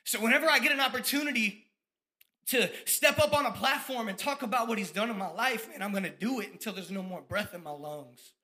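A man, giving a fired-up testimony sermon about his ministry, at times dropping to soft reflective tones. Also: high-pitched, a little fast. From Tampa, Florida. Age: 30s.

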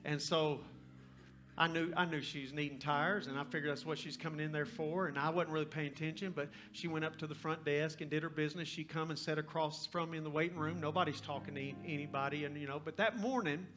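A man in his fifties, a pastor, telling a personal story in a sermon with an animated, folksy, conversational delivery. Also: fairly high pitch, quick pace, over music. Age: 50s.

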